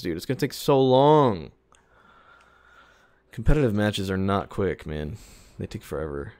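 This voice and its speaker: A young man streaming a shooter game, grumbling sarcastically at teammates and bursting into frustrated shouts. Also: lowish voice. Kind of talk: live gameplay commentary.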